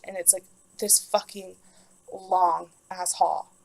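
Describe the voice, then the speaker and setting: A young woman vlogger delivers a rambling, emotional personal story at a measured pace, packed with "like." Her creaky voice is medium in pitch with a level tone, captured in a low-quality recording.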